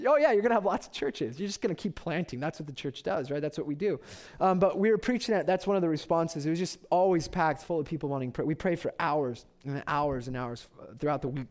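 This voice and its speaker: A man in his thirties preaching a sermon, telling stories with loud excitement and then dropping to quiet reverence. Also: high-pitched, fairly quick. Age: 30s. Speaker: pastor.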